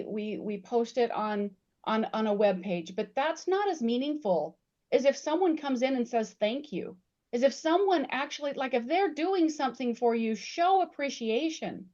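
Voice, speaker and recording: A woman's voice: medium pitch, darkish tone. Earnest woman with muffled lo-fi audio. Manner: earnest and emphatic, repeats words while building points. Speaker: guest speaker on employee recognition. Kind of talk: panel discussion storytelling.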